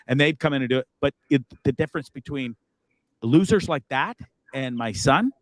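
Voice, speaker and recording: A man's voice: mid-range voice, normal speed, no echo. Middle-aged male podcast host, loose and profane storyteller, dry close sound. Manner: profane, rambling, animated storyteller. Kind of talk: casual chat.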